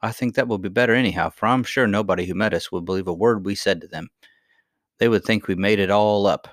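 A man reading a storybook, voicing a stubborn boy who answers gruffly and sulkily. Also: on the low side, fast, no room sound, studio quality, close to an everyday voice. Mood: sulky. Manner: gruff, sulky, offended.

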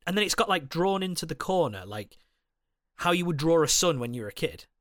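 A man's voice: a little high, brisk, no room sound, studio quality. A man co-hosting a casual film chat, laughing and swearing as he retells scenes. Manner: laughing, swearing, animated storytelling. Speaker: podcast co-host.

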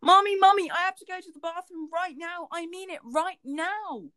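A woman's voice: very high voice, normal speed, bright, forceful tone, no echo, studio quality, pitched above the performer's own voice. A woman voicing a distressed little boy while reading a book aloud. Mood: urgent pleading.

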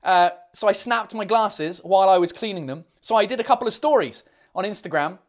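A man's voice: sits high, expressive, fairly quick. Man hosting a casual live chat; rambling, sweary, self-mocking, reads comments aloud. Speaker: livestream host.

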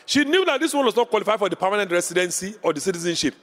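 A man's voice: sits high, expressive, a little fast, in a large hall. A man preaching a sermon as pastor, impassioned and repeating lines for emphasis.

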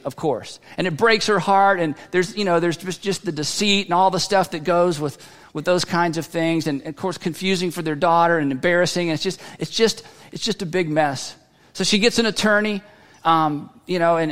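Pastor guy preaching, high pitched, stops and restarts a lot, echoey church auditorium. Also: fairly bright tone. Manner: conversational, halting restarts. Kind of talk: sermon storytelling. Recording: long hall reverb.

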